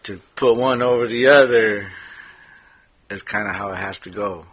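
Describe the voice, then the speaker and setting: A man co-hosting a podcast in casual chat, talking haltingly with many restarts and easy laughter. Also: fairly low pitch, breathy edge, dull audio. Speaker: podcast co-host.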